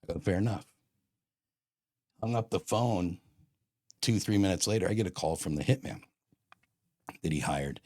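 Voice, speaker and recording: A man's voice: low voice, animated, normal speed, long pauses, warm tone, no echo, clean studio sound. A man giving a blunt personal testimony in casual street talk, acting out old phone calls line by line. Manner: blunt street slang, acts out phone dialogue.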